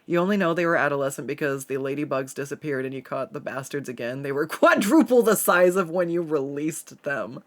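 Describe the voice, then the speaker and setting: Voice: medium pitch, animated, fairly quick, few pauses. A streamer from the Pacific Northwest chatting casually while drawing and reading chat aloud, swearing freely and laughing often.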